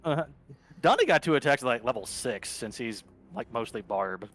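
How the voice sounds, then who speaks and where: A man playing a tabletop game, relaxed and casual as he reads out his dice rolls. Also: medium pitch, moderate pace. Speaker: player.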